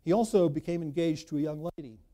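A man preaching a sermon, emphatic, swinging between loud bursts and quiet asides. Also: a little high, fast. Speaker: pastor.

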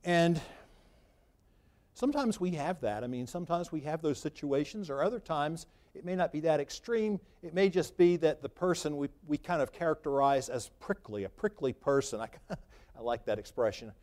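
Conversational preacher, fairly high voice. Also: male voice, expressive, normal speed, darkish tone. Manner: conversational, free-flowing, rises for emphasis. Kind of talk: sermon.

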